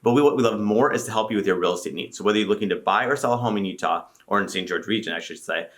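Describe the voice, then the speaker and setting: A man's voice: fairly low pitch, very fast, a bit bright. A man realtor co-hosting a casual chat channel, easygoing and joking.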